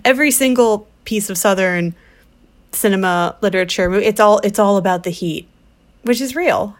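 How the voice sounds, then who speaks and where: A woman co-hosting a film podcast, with a wry, quick-witted manner of talking. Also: mid-range voice. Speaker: podcast co-host. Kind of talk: casual film-review chat.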